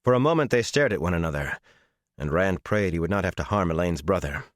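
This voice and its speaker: A man narrating a fantasy audiobook in a measured, dramatic storytelling manner. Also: deep voice, lively intonation, dry recording, clean studio sound.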